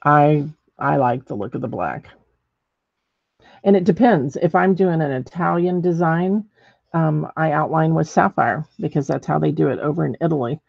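A woman's voice: low-pitched, moderate pace, gravelly, no room sound, highs cut off. A middle-aged woman demonstrating ceramic painting in a chatty way, thinking aloud as she works. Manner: chatty, thinks aloud while working, many ums.

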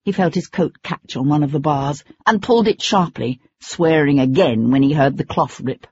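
An audiobook narrator reading a tense chase scene in steady, measured storytelling. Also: mid-range voice, breathy edge. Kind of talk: scripted narration. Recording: dull lo-fi recording.

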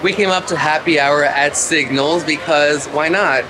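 A man's voice: on the high side, fairly even intonation, a little slow, crowd noise, low-quality recording. A man chatting casually while filming a travel vlog on a cruise ship, upbeat and playful. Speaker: vlogger. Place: cruise ship cabin and decks.

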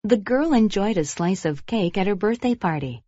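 A woman reading example sentences and a short story for a vocabulary lesson in clear, measured narration. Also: medium pitch, animated, mellow, dry recording, lo-fi sound.

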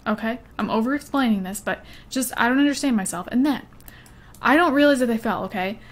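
Playing a life-sim game, this gaming YouTuber chats, giggles and gets distracted easily, her rambling let's-play commentary drifting into story time. She's a young woman with a high-leaning voice and a brisk pace.

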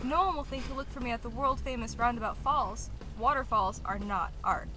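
A woman's voice: fairly high pitch, fairly quick, background noise, close to an everyday voice. A woman playing a nervous, chatty young woman hiding from the police in a live-action game.

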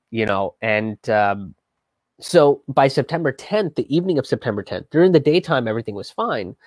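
A man's voice: medium pitch, no room sound. A man hosting his own show, telling history in a loose, rambling way with lots of fillers and a wry, profane edge. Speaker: comedian and show host. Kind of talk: casual history commentary.

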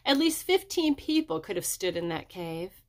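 A woman reading a children's chapter book aloud, raising her pitch for the children's dialogue. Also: very animated, moderate pace. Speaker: audiobook reader. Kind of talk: storybook narration.

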